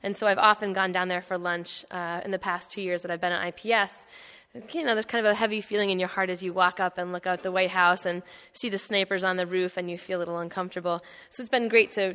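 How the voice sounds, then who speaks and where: A woman's voice: on the low side, fairly bright tone, smooth. A woman giving a public talk at an indoor event, chatty and anecdotal, with many fillers and restarts. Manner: conversational, storytelling with frequent fillers and restarts. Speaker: panel speaker. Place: indoor hall. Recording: long hall reverb.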